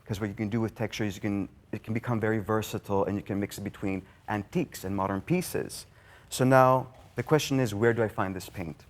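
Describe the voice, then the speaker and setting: A man from Greece who founded a luxury interior design firm, speaking in a lively way on a panel. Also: lowish voice, brisk. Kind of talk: panel talk.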